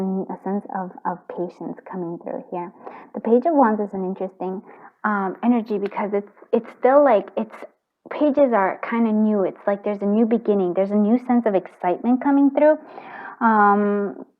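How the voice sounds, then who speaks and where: A woman reading tarot cards for viewers in a casual, rambling, gentle way, full of fillers and restarts, choked up with emotion. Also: medium pitch, normal speed. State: tearing up. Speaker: tarot reader. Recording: tinny phone-like audio.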